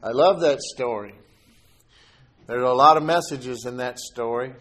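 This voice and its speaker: A man preaching a sermon as a pastor, reading scripture aloud and slowing down to stress key words. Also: mid-range voice, fairly bright tone, slight background noise.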